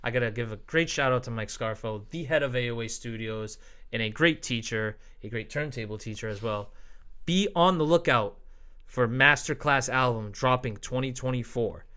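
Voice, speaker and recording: Young man, from Boston, podcast host, bright tone, casual joking banter, swears. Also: mid-range voice, moderate pace, clean tone. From Boston, Massachusetts. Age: 20s. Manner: animated, swearing, jokey banter. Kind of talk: casual chat.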